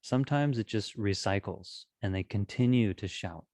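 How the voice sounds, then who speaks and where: Calm low-voiced man teaching. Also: moderate pace, no room sound, clean studio sound. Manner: calm, gentle, with frequent restarts. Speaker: dharma teacher. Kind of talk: talk on Buddhist practice.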